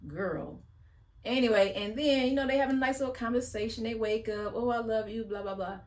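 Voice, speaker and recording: A woman's voice: a little high, brisk. A woman giving a casual, blunt recap of a reality show, chatty and slangy, sighing as she retells scenes.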